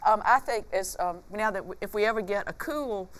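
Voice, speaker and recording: A woman's voice: mid-range voice, fairly quick. Enthusiastic Southern woman host. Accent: Southern American. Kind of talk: TV cooking segment chat. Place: TV studio set.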